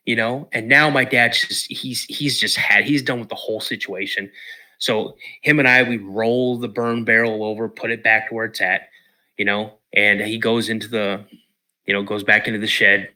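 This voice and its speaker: A man from Washington State, a podcast guest telling an animated story and acting out the other people's lines. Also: medium pitch, moderate pace. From Washington State, USA. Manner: lively storyteller who acts out the voices of others.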